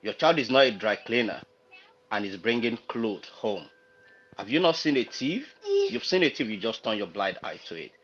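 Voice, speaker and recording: A man's voice: fairly low pitch, animated, normal speed, fairly bright tone, breathy edge, dull audio. A man from Nigeria on a livestream panel, talking unhurriedly, searching for words and citing proverbs. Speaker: panel guest. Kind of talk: casual discussion on a livestream.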